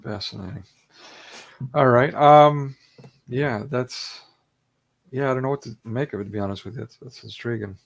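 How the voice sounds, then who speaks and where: American man with a gravelly voice. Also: mid-range voice, normal speed, long pauses. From United States. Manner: relaxed, thoughtful, with many ums. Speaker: podcast host. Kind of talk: casual conversation.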